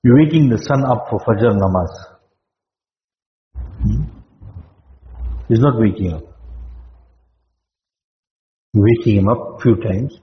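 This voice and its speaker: A man giving a sermon as a religious teacher, speaking deliberately, repeating key phrases and checking in with his listeners with "hmm?". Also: on the low side, slight background noise. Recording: roomy hall reverb, dull lo-fi sound.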